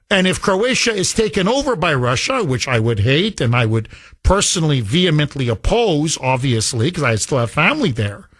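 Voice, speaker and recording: A man's voice: sits high, a bit bright, dry recording, clean studio sound. A man hosting a political talk radio show, speaking emphatically and firing off rhetorical questions. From United States.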